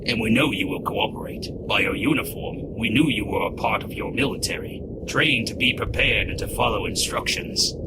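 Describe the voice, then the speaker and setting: A man's voice: fairly low pitch, normal speed, few pauses, natural voice. A man voicing a polite, clinical male alien scientist with a whispery, formal delivery. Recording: loud noise on recording.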